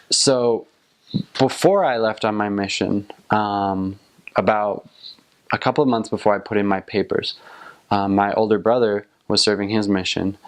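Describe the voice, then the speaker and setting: Earnest low-voiced young man. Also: smooth. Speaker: returned missionary. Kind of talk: casual recollection and advice.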